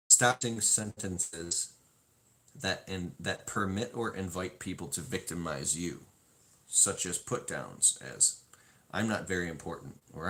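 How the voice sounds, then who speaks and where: A man's voice: fairly low pitch, low-quality recording. A man reading from a self-help book to his viewers, then drifting into a rambling, self-mocking story with lots of swearing. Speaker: self-help video host. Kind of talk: casual reading and storytelling to camera.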